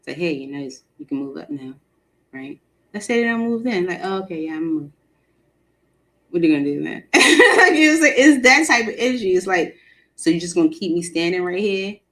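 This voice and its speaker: A woman hosting a live tarot stream, chatting casually with viewers, animated and laughing often, with features. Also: on the low side, a little fast. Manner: animated, laughs often, talks to the chat directly.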